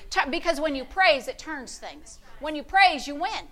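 A woman pastor preaching a fervent sermon, with call-and-response and sudden loud shouts of praise. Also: sits high, expressive, normal speed, few pauses.

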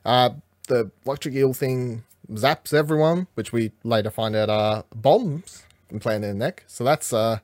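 A man's voice: mid-range voice, unhurried, no room sound. A man co-hosting a casual episode recap, rambling, swearing freely and acting out the characters' lines. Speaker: podcast co-host.

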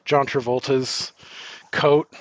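A man's voice: medium pitch, level tone, takes it slowly, no room sound. A man co-hosting a film podcast, rambling casually with lots of fillers and swearing. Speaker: podcast co-host.

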